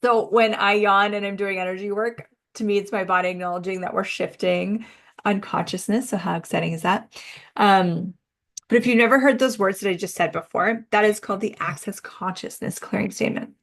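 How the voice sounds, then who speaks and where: A woman hosting a self-help podcast, talking reflectively in a casual, musing way, often slowing down and drawing out words. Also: medium pitch, steady tone. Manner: musing, conversational, uses "like" a lot. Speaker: podcast host and energy coach.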